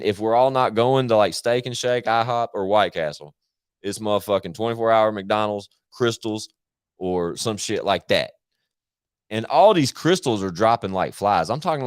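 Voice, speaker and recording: Male streamer with a lowish voice and a dead-dry sound, rambling loosely and swearing freely. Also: clean tone, no room sound. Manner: profane, slangy, rambling. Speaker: live streamer. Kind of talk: casual rambling stream chat.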